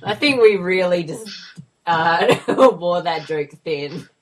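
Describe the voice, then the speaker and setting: An Australian woman with a slightly low voice chats casually as a podcast co-host. She jokes in a cheeky, bawdy way. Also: lively intonation, slow. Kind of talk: casual chat.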